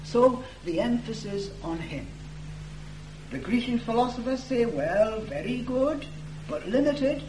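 Slow, deliberate preacher man in an echoey room. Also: very high voice, sing-song. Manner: slow, deliberate, stresses words for emphasis. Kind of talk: expository sermon reading scripture. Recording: echoey room with faint hum.

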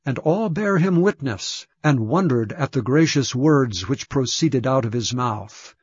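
Man, scripture reading, measured, solemn, mid-pitched, dry dull recording. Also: expressive, breathy edge, no room sound. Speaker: scripture reader.

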